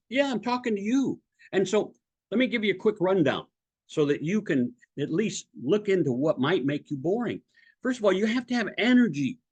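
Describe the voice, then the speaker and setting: A middle-aged man giving direct-to-camera advice as a presentation coach, emphatic and animated, often asking the viewer questions. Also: fairly high pitch, breathy edge, lo-fi sound.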